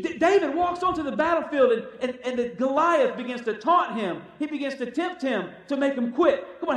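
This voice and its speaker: A man preaching a sermon, exhorting his listeners with repeated calls of "come on" and acting out the quotes he tells. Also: very high voice. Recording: echoey room from far off.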